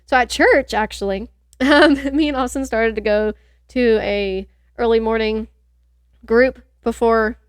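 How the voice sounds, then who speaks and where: A woman's voice: a little high, slow, clean tone, no echo, studio quality. A young woman co-hosting a podcast, chatting casually and rambling, laughing often. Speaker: podcast co-host. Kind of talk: casual chat.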